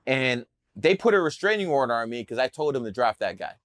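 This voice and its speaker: A man's voice: medium pitch, big pitch swings, fairly quick, a bit bright, no echo, studio quality. A man telling stories in a casual interview, brash, boastful and profane. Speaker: podcast guest telling his story.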